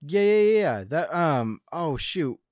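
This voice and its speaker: A man's voice: a little high, very animated, unhurried, no room sound, studio quality. Teasing man podcast co-host. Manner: teasing, playful. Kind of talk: casual chat.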